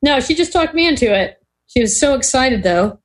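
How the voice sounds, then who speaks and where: An older woman appears as a podcast guest in a casual storytelling interview, her voice high-pitched and animated at a normal speed. She laughs often and performs the voices of the people she quotes.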